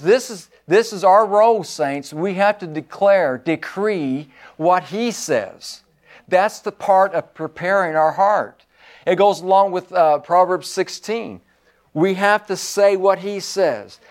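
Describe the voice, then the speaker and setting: A male preacher delivering a sermon in a high-pitched voice. He speaks slowly and deliberately, with fervent, repetitive exhortation. His delivery swings between loud declarations and hushed asides.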